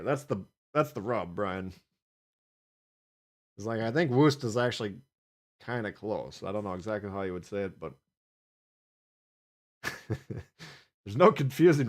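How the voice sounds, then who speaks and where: Chatty male game streamer. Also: mid-range voice. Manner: casual, chatty, swears, laughs at own jokes. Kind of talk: live gameplay commentary.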